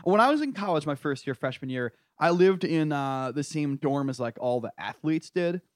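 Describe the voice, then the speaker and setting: A man's voice: on the high side, animated, moderate pace, no room sound, studio quality. A man from rural New England hosting a podcast in casual comedic chat, joking and laughing often at his own expense. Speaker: podcast host.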